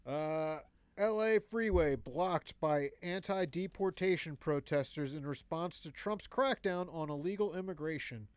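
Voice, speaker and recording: A man's voice: fairly high pitch, measured pace, clear, resonant tone, no echo. A man co-hosting a comedy podcast, reading joke headlines with crude, swearing banter. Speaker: podcast co-host.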